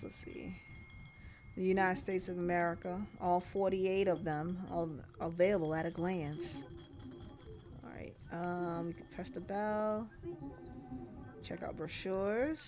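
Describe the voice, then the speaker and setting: A woman's voice: medium pitch, slight background noise. Rambling, laughing woman streamer. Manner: rambling, restarts, laughs a lot. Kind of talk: casual live-stream commentary while gaming.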